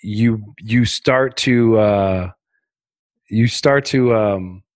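A man with a lowish voice and drawn-out words appears as a guest on a casual podcast, telling rambling, darkly funny stories full of fillers and restarts. There is no room sound on the recording.

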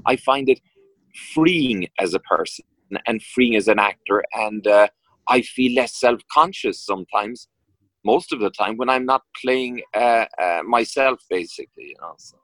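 A man's voice: mid-range voice, fairly bright tone, dry recording, rough recording. A middle-aged man with an Irish accent from County Kerry, an actor chatting in an interview, rambling and restarting his sentences often. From Ireland. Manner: rambling, halting with many restarts and fillers. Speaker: actor guest. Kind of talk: casual interview chat.

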